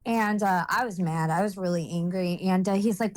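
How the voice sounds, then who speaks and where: A woman's voice: on the low side, moderate pace, no echo. A woman speaking as a guest and telling a personal story in a blunt, rambling way, with lots of fillers and swearing.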